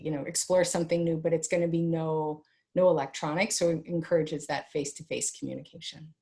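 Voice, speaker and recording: A middle-aged woman speaking as an expert guest in an interview, giving parenting advice in an animated way and acting out family dialogues. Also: fairly quick. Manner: animated, acts out family dialogues with big pitch jumps. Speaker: guest expert on teen mental health.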